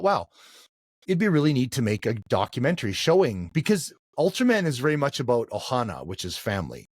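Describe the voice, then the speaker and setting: A man's voice: mid-range voice, dry recording, studio quality. A middle-aged man, the guest on an interview, recounting events with a storyteller's manner, restarts and fillers. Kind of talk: conversational interview.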